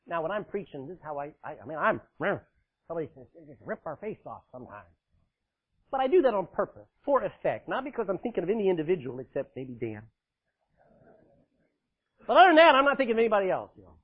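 Pastor, man, emphatic preacher with a husky, high, swooping voice, captured on a thin, phone-like recording. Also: sing-song, fast, pauses often. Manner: forceful, emphatic preaching with sudden loud bursts and dramatic drops; laughs often, jokes with the congregation. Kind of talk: sermon. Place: church, live congregation. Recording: tinny phone-like sound.

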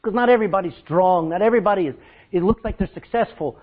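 A man preaching a sermon, telling stories loudly and acting out what people said. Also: high voice, quick pace, phone-quality sound. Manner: loud, animated preaching with acted-out quotes. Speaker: pastor. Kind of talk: storytelling sermon.

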